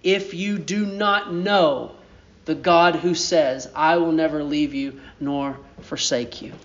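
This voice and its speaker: A man preaching a sermon as pastor, deliberate, building to emphatic peaks. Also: a little high, fairly bright tone, dull audio, a little hiss or hum.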